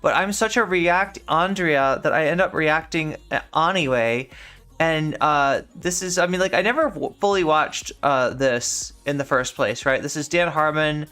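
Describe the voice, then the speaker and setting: This woman streamer keeps up easygoing chatter as she plays, wandering from thought to thought and using plenty of filler words. Her low-pitched voice is fairly bright and moves at a moderate pace.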